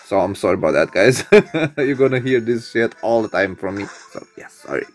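A man's voice: fairly low pitch, expressive, moderate pace, faint music behind. A man hosting his own channel, rambling and laughing often through casual gameplay commentary. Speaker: channel host.

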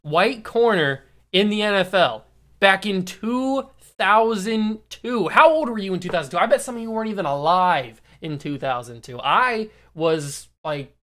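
A young man in his early twenties hosts a casual sports commentary monologue. He talks animatedly and teases his viewers, and he slows right down to lean on the words that matter. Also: high-pitched. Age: early 20s. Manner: animated, teasing, slows down to stress key words. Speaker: YouTube host.

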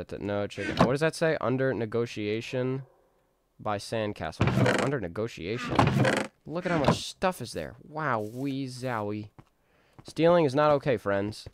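A gaming streamer with a mid-range voice gives casual, rambling commentary on his gameplay, talking to himself and breaking into jokey outbursts. There's a little hiss or hum in the audio.

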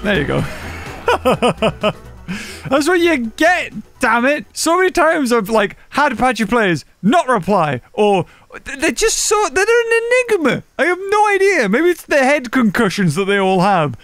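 A man giving casual gameplay commentary, excitable and laughing often as he talks to other players. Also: very high voice, measured pace, dry recording, soft background music. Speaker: gaming channel host.

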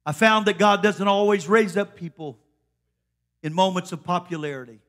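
Her voice sits on the low side with a slight brightness, moving at normal speed. The woman preaches a fervent Pentecostal sermon at a church service, exhorting the congregation with repeated shouts of "come on."

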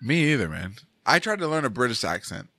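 Laughing guy with a bright voice. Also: mid-range voice, big pitch swings, fairly quick, slightly rough, no room sound. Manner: laughing often, joking, says "dude" a lot. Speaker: podcast co-host. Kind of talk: casual banter. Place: Texas.

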